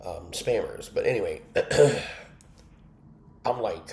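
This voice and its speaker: A man's voice: medium pitch, big pitch swings, measured pace, a little mellow, reverberant. A man hosting an online Bible study, candidly sharing an emotional personal testimony and breaking off to answer his live chat.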